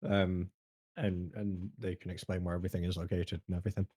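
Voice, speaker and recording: A man's voice: low-pitched, level tone, brisk, dark tone, breathy edge. A man with a northern English accent chatting casually on a stream, wry and laid-back. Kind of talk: casual chat.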